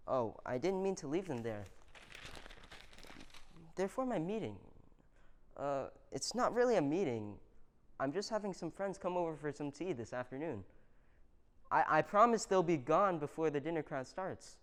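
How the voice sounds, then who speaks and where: A woman's voice: low-pitched, big pitch swings, moderate pace, pauses often. A young student actress playing an earnest daughter of a Taiwanese immigrant family who runs a restaurant with her mother, talking defensively and urgently. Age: young adult. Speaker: student actor. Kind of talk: stage monologue.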